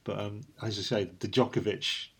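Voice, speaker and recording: Husky-voiced chatty middle-aged man. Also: lowish voice, steady tone, moderate pace. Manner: chatty, laughs often, trails off into quiet asides. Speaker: podcast co-host. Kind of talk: casual chat.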